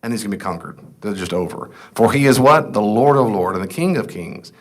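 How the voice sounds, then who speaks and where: With a fairly low, darkish voice and lively intonation, a middle-aged man talks fast while leading a casual Bible class. He reads scripture aloud and conversationally poses questions to the class, then answers them himself.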